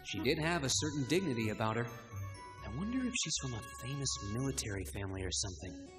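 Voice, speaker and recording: A man voicing a polite, thoughtful young male student in a soft, musing delivery. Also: medium pitch, very animated, fast talker, music in the background, natural voice.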